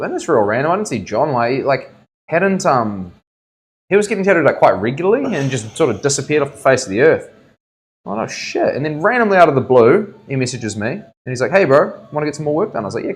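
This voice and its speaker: A young man, a tattoo artist chatting casually on a stream and telling rambling stories full of slang. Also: medium pitch. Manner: laid-back, rambling storyteller full of "like", "bro" and "eh". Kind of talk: casual chat.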